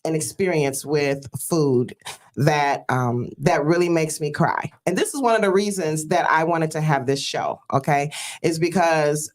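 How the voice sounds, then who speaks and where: Host, woman from Detroit, fairly low voice, earnest storyteller, calls out praise. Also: a little slow. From Detroit, USA. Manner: earnest, storytelling, with frequent fillers; exclaims praise like a church greeting. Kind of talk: casual emotional talk-show hosting.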